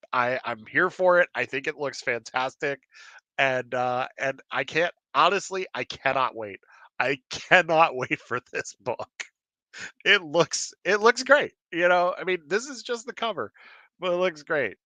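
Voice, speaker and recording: A man's voice: medium pitch, pushed and bright, no echo. Laughing, upbeat male comics podcaster. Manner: enthusiastic, laughs often, many fillers and restarts. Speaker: podcast host. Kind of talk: casual live-stream chat.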